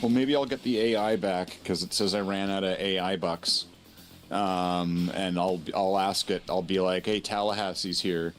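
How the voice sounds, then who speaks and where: Canadian male guest, lowish voice, teasing storyteller, faint guitar behind. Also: fairly even intonation. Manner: playful storyteller, quick to tease. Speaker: guest streamer. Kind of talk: casual live-stream chat.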